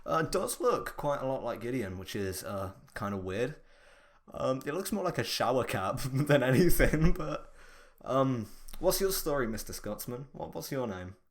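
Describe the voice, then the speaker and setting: Podcast host, man, casual chat, animated rambling delivery. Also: mid-range voice, moderate pace. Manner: animated, rambling, mock-outraged jokes.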